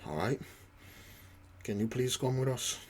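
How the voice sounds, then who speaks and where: A man's voice: mid-range voice, expressive, measured pace, darkish tone, slight background noise, natural voice. A man voicing a nervous, groveling male envoy who pleads and stammers. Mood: pleading.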